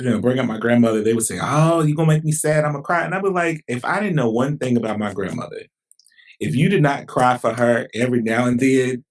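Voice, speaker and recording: Man, podcast host, husky voice, far from the mic, reflective chat. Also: mid-range voice. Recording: distant mic, roomy.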